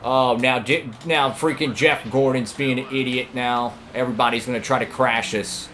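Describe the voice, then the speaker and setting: A young man commentating his own racing game run, excitable and talking at the other drivers. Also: mid-range voice, normal speed, a little hiss or hum. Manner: excitable, talks to rival drivers, frequent outbursts. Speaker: gaming channel host.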